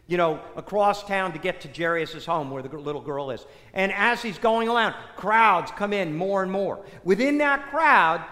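A man's voice: high-pitched, a bit bright, long reverb tail. A man preaching a sermon, retelling a scripture story and asking the congregation rhetorical questions.

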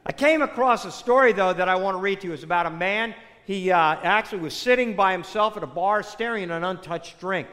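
Man preaching in a church, high voice, chatty with asides, echoey hall. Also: fairly quick, hardly any pauses, bright, forceful tone. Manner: conversational, full of "you know" asides. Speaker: pastor. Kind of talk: sermon.

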